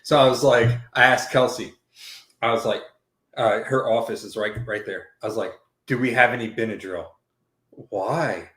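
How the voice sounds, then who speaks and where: Man, casual storytelling, profane, rambling, mid-pitched voice, echoey room. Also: moderate pace. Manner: profane, rambling, animated retelling with quoted dialogue. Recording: roomy echo.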